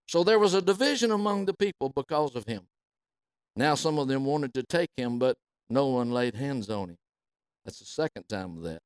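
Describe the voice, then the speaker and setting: A man preaching, reading scripture calmly and then building into loud, slow, emphatic preaching. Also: mid-range voice, smooth, dry recording.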